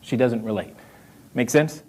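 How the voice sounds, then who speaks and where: A man's voice: medium pitch, measured pace. A man with a Southern American accent giving a live motivational talk on real estate, quizzing the audience and repeating his key lines. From North Carolina roots. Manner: energetic, asks the crowd questions, repeats key lines.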